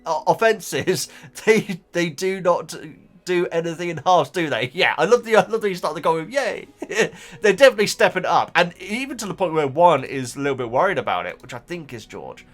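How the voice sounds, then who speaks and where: A man's voice: a little high, animated, brisk. A man chatting casually as a YouTuber, reading viewer comments with rambling, stammered restarts. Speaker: YouTuber reacting to book comments.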